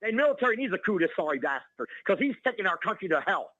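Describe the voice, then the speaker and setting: A male caller on a talk radio show, ranting excitedly and calling the host by name over and over. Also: high voice, quick pace, no room sound, dull audio. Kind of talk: heated call-in rant.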